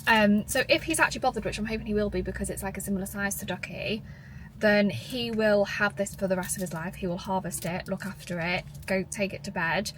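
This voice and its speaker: A woman's voice: medium pitch, a little fast, slight background noise, poor audio. Chatty young woman vlogging. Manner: chatty, lots of "like" fillers; drops to a near-whisper at times. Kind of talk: casual chatty haul vlog. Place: at home.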